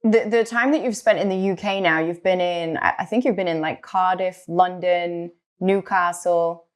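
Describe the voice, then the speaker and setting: A woman's voice: on the low side, fairly even intonation, normal speed. A woman hosting a sports show who asks questions in a friendly way and laughs often. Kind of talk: interview questions.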